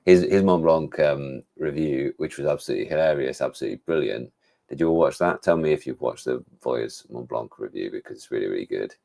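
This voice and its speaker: An English-accented tech reviewer hosts a casual livestream about gadgets, his voice rumbling low, gravelly and warm at a brisk clip. He rambles and thinks aloud, restarting often and leaning on fillers.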